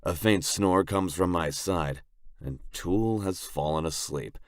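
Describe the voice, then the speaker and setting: A man reading a first-person audiobook narration in a gruff, blunt, brooding manner, close on the mic. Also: deep voice, a little slow, dry recording.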